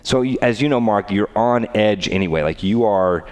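A man's voice: lowish voice, moderate pace. A middle-aged man, telling a story in casual chat and acting out the people in it. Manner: animated storyteller, acts out quoted voices.

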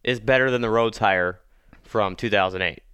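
Stuffy-nosed man with a bright voice. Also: fairly low pitch, clear, resonant tone, no room sound. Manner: halting, repeats words when starting a thought. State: congested from a cold. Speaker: podcast co-host. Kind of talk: casual sports chat.

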